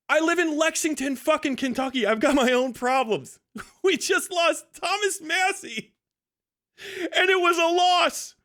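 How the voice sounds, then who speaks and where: This livestream host has a very high-pitched, bright voice with a forceful tone. His rant is aggressive and mocking, packed with constant swearing and scornful laughter.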